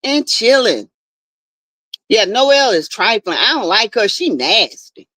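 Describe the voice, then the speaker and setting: A chatty woman hosts a live stream, greeting viewers one by one and swapping gossip. Her voice sits fairly high and swings up and down with a lot of life. She takes her time, in a dry, close room. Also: big pitch swings, a little slow, sharp tone, no echo. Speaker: livestream host. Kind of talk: casual live chat with viewers. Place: home backyard shed.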